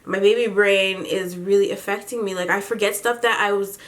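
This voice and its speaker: A woman's voice: medium pitch, fairly even intonation, normal speed, a bit bright. A young pregnant woman gives a casual update to her viewers. She is slangy and chatty and laughs often. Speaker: vlogger.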